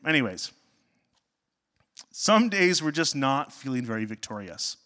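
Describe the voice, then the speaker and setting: A man, a pastor, preaching a sermon with animated, self-deprecating storytelling and jokes. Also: mid-range voice, unhurried, long pauses. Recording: long hall reverb.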